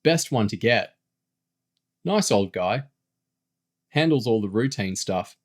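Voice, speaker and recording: A man's voice: lowish voice, animated, slow. A cocky teenage boy from a storybook who teases his friends and pushes his cheap deals, voiced by a male narrator. He talks casually and unhurriedly, with a lot of movement in his tone. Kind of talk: audiobook character voice.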